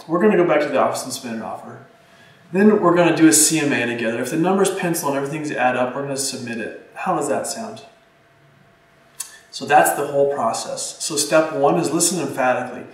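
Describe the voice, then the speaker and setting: A man coaching real estate agents, talking energetically and acting out little client dialogues as he teaches. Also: on the high side. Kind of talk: instructional talk with role-play examples. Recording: echoey room, distant mic.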